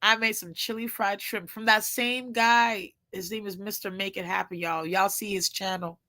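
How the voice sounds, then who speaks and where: A woman in casual chat, animated and gushing, with informal slangy speech and lots of exclamations. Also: mid-range voice, normal speed.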